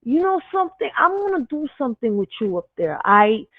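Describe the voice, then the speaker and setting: A man putting on a high squeaky voice that scolds his own brain with mock outrage. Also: big pitch swings, brisk, dry recording, full character voice. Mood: mock scolding. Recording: dry tinny phone-like sound.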